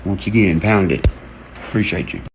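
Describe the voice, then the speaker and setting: A man, ranting excitedly to camera, cursing and jumping from one topic to the next as he acts out quotes. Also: deep voice, moderate pace, slight background noise. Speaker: online creator. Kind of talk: rambling rant to camera.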